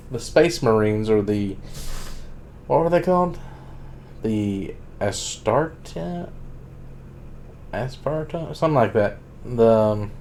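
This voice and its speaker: A man's voice: medium pitch, a little mellow. A man streaming a casual, rambling monologue about books, full of "like" and blunt profane asides.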